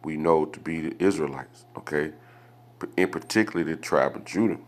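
A man's voice: very deep voice, normal speed. A man teaching a Bible study, reading verses aloud and explaining them, often asking rhetorical questions and checking in with "okay?". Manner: asks rhetorical questions, adds "okay?" after points; reads scripture aloud and explains it.

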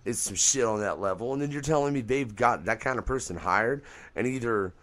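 A man hosting a casual podcast radio show, talking loosely and swearing freely, his voice leaping up when he gets excited. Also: mid-range voice, fairly quick. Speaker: podcast host. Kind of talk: casual profane radio chat.

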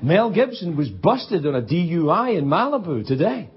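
A man hosting a late-night talk show, delivering a playful comedy monologue that swings from shouts to mutters. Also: on the high side, big pitch swings, moderate pace. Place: TV studio with live audience. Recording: dull broadcast tape with loud audience.

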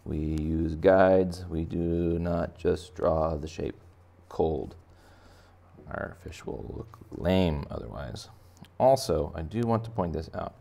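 Man, deep and gravelly, for a playful kids' drawing tutorial; casual and jokey. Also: takes it slowly, mellow. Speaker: art teacher. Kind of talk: drawing lesson for kids.

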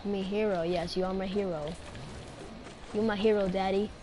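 A woman chatting casually while playing an online game with a teammate, excitable and often pleading or shouting. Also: medium pitch, moderate pace. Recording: noisy game audio behind.

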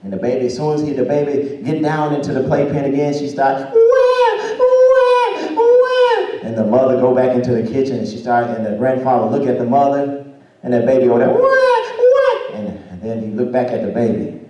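A man's voice: mid-range voice, steady tone, fast. Man preaching in an echoing church. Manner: call-and-response preaching, rising to shouts. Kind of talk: sermon storytelling. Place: church sanctuary. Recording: roomy church sound from far off.

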